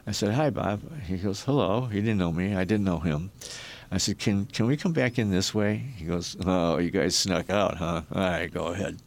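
A man's voice: sits low, moderate pace. An older man from Michigan, a guest in an interview, telling long rambling stories and acting out the people in them. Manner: rambling anecdotes with restarts and acted quotes. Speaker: guest, former rock roadie and photographer. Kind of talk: storytelling in a podcast interview.

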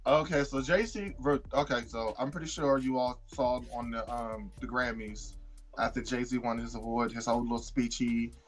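A woman's voice: normal speed, faint music behind. A woman co-hosting a podcast in casual chat, retelling gossip and acting out quotes in a raised voice. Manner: animated, acts out quotes in a higher voice. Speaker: podcast co-host.

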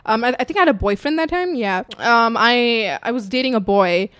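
A young woman with a slightly high voice, talking in a blunt, foul-mouthed way and telling animated stories in casual chat. The sound is dry and close, with no room behind her. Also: a little fast, smooth, no echo. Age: young adult. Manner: blunt, swears a lot, animated storytelling.

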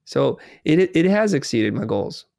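A man's voice: medium pitch, sing-song, measured pace, creaky, darkish tone, no room sound. Earnest storytelling man, dry close sound. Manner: earnest, storytelling, quotes himself and others. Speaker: guest. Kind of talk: reflective conversational interview.

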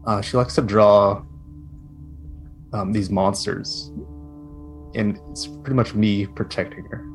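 Man playing a calm, reassuring caregiver. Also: lowish voice, slow, soft background music. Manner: reassuring, hesitant with fillers. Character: calm adult caregiver on the phone. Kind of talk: tabletop game character voice.

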